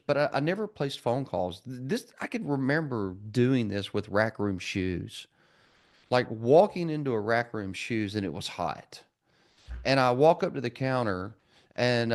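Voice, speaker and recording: A man in his forties, a trades business coach, telling stories in a podcast interview and acting out the dialogue. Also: mid-range voice. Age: 40s. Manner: animated, acts out dialogue in quoted voices.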